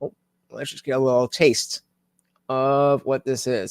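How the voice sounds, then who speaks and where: A man hosting a livestream, reacting to a show and greeting chat viewers by name in an animated, repetitive way. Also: mid-range voice, a little slow, long pauses, clean tone, no echo, clean studio sound. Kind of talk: casual livestream commentary.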